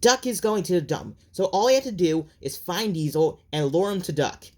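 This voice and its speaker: A woman voicing an eager, scheming young male tank engine in a fan cartoon, with excitable shrieky cries. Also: lowish voice, moderate pace.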